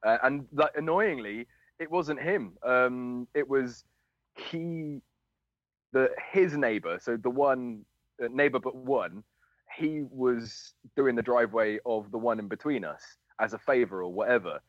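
Bloke rambling through a story, lots of ums, muffled dry mic. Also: male voice, medium pitch, unhurried, no room sound. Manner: rambling, hesitant storytelling with fillers. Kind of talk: casual chat. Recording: dull lo-fi dry sound.

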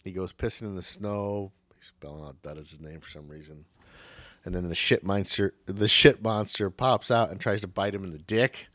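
A man's voice: deep voice, moderate pace, fairly bright tone, dry recording. A man co-hosting a podcast, casually retelling a movie plot with profanity and jokes. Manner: profane, jokey, slips into mocking voices. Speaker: podcast co-host. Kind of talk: casual movie recap chat.

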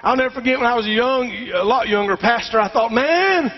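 A man's voice: very high voice, steady tone, fast talker. A middle-aged man, preaching a sermon emphatically and calling out to the congregation for responses. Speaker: pastor. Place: church sanctuary. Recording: dull recording with long hall reverb.

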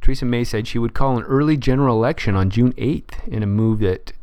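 A man's voice: medium pitch, quick pace, darkish tone, smooth. A man hosting a casual solo podcast, reading news headlines aloud and thinking aloud with many fillers and restarts. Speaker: podcast host.

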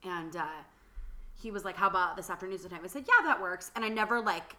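A woman's voice: medium pitch, fast, sharp tone. A young woman co-hosting a podcast, telling a story in casual chat full of "like" and easy laughter. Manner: chatty, lots of "like" and laughter. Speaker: podcast co-host.

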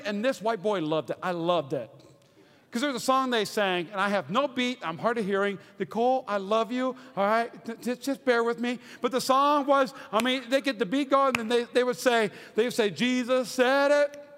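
A man preaching with a very high, bright, ringing voice. He swings from shouting to near-whispers, and his words echo through a long-reverb church hall. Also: clean tone. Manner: energetic, swings from shouting to hushed. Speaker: pastor. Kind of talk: sermon.

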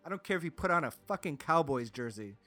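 A man from Green Bay talks sports on a podcast in a rambling rant that keeps restarting and climbs into heated outbursts. His voice sits a little high for a man. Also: animated, fast, pushed and bright, soft background music. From Green Bay, Wisconsin. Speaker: podcast co-host. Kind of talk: casual sports talk rant.

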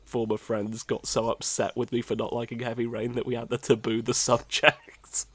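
A man's voice: mid-range voice, flat delivery, moderate pace, no echo. A man co-hosting a podcast with dry, sardonic, sweary banter. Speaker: podcast co-host. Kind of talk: casual podcast chat.

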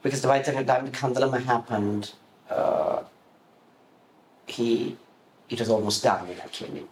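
A man's voice: medium pitch, moderate pace. A man remembers his working years in an interview, slipping into other people's voices as he tells his stories. His voice sits in the middle of the male range. The room gives it a noticeable echo, and there is a faint hiss of room noise behind him. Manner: animated storyteller, acts out quoted voices. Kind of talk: reminiscing in an interview.

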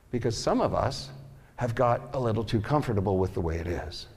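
A man's voice: mid-range voice, very animated, brisk. A middle-aged man preaching a sermon in an earnest way, repeating himself and acting out cried prayers. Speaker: pastor. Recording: long hall reverb.

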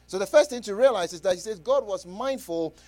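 A man with a notably high voice delivers a fervent radio sermon as pastor. He stumbles through restarts, breaks into praise, and shouts scripture back and forth with his listeners. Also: expressive, a little fast. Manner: fervent, stammering restarts, frequent praise interjections. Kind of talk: radio sermon with call-and-response.

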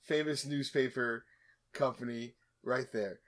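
A man's voice: mid-range voice, fairly even intonation, a little slow, a bit bright. A man hosting a podcast, retelling a movie plot in a casual, joking way with plenty of asides and restarts. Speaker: podcast host. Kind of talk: casual comedic movie recap.

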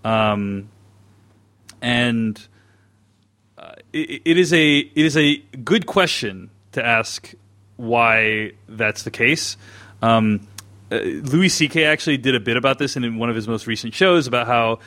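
A man's voice: medium pitch, unhurried, sharp tone. A man co-hosting a podcast, talking things through in a thoughtful, hesitant way with many restarts. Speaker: podcast co-host. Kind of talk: casual discussion.

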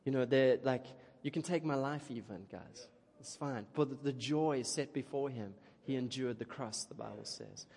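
A man preaching a sermon in an animated, chatty way, often checking in with the crowd. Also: mid-range voice, moderate pace, few pauses, husky. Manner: animated, chatty, keeps asking "okay?". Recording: long reverb of a large hall.

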